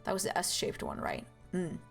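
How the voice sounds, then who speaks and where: A young woman streaming a game, chatting casually and animatedly with viewers, with loud outbursts and swearing. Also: fairly low pitch, wildly swooping pitch, moderate pace, creaky, soft background music. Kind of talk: casual live-stream chat.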